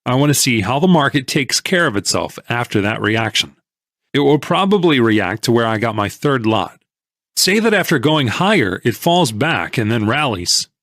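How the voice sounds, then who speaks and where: A male audiobook narrator telling a first-person story in a measured, plain-spoken way. His pitch moves freely around a middle voice. The recording is dry and close. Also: big pitch swings, a bit bright, no echo.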